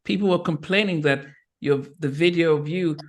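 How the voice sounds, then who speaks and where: A man's voice: on the high side, moderate pace. Hesitant man hosting an interview. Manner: hesitant, stumbling over words. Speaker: interview host. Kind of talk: casual interview chat.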